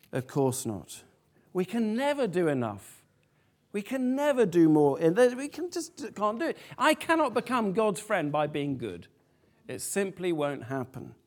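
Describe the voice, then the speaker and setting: Man, sermon, slightly high voice, animated, asks questions of the room. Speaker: preacher.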